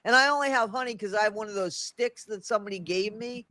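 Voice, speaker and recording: Hosting a laid-back livestream, a congested-sounding man with a high pitch stumbles through his speech, often starting sentences over. His voice comes across pushed and bright, recorded close and dry with no room sound.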